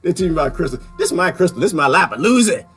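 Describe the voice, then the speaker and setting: A man ranting in a casual vlog, swinging from loud outbursts to quiet mutters and laughing often, with folksy talk. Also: on the high side, sing-song, rapid-fire, soft background music. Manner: folksy, uses "y'all". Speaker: vlogger. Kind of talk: ranting monologue.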